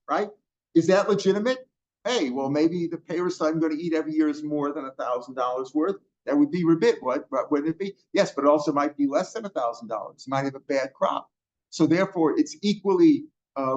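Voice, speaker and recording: An older man teaching Talmud line by line, his voice sitting a little higher than most men's. He explains step by step, sprinkles in Hebrew and Aramaic terms and keeps asking "right?" The recording is dull and lo-fi. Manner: explanatory, checks in with frequent rhetorical "right?".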